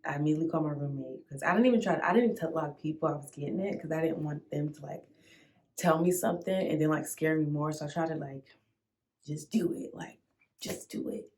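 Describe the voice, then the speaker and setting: A young woman vlogger casually telling a dramatic storytime, full of slang, sudden squeals and loud outbursts. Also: low voice, fast.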